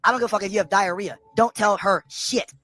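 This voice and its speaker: A man's voice: high-pitched, fairly even intonation, fast, bright, forceful tone, no room sound. A man streaming a profane, repetitive rant on his own channel. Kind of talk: ranting commentary.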